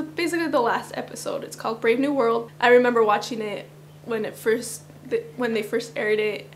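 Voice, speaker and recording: Woman vlogger, slightly raised pitch, groggy cracking morning voice, chatty rambling delivery. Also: slight background noise. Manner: chatty, rambling, with little laughs. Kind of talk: casual fan countdown chat.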